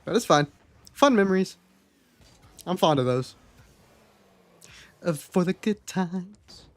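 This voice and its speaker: The voice is high-sitting and slow, with lively intonation and no room sound, from a young man on a livestream. He tells his live chat personal stories in a candid, chatty way, with plenty of swearing.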